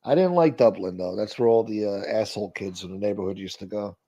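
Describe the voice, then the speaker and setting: Reacting to his chat, this middle-aged live streamer speaks fast in a lowish, mellow voice, keeping things casual and full of swearing. The recording sounds dull and lo-fi.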